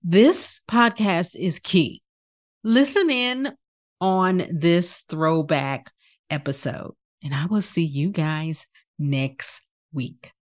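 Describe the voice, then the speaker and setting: A woman's voice: lowish voice, slow pace. A woman in her thirties hosting a coaching podcast, talking in a chatty, encouraging way with lots of "like" and "right?". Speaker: podcast host and life coach. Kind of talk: casual podcast talk.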